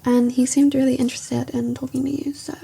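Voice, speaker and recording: A woman's voice: high-pitched, flat delivery, a little fast, vocal fry, dark tone, husky, pitched above the performer's own voice, heavily acted. A woman doing a wheedling, scheming young man.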